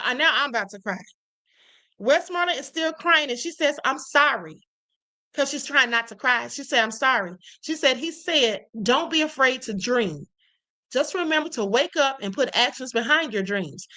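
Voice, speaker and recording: A woman's voice: sits high, bright, forceful tone. A woman hosting a live stream, giving emphatic commentary and talking straight to her chat. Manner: emphatic, addresses chat directly.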